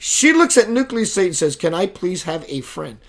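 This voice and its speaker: Middle-aged male host, high voice, casual and animated, acts out the quotes and reads out viewer names. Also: moderate pace. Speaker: spiritual talk show host. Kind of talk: casual live-stream monologue.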